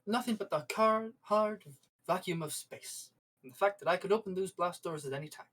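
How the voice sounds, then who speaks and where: A game master voicing a smug, polite male corporate manager who speaks slowly and with faint menace. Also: mid-range voice, fairly bright tone, pitched above the performer's own voice, natural voice, rough recording. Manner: courteous, drawn-out, faintly menacing.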